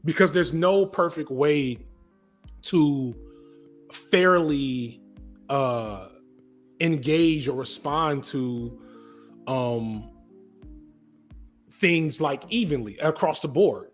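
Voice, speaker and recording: A man talking casually as a podcast guest, shifting between loud emphatic bursts and quiet, drawn-out musing. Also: on the high side, soft background music.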